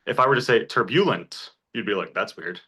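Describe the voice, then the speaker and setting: Male Greek teacher, low-ish bright voice, patient and encouraging, informal class. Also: fast talker. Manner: encouraging, explains step by step with examples. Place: church classroom.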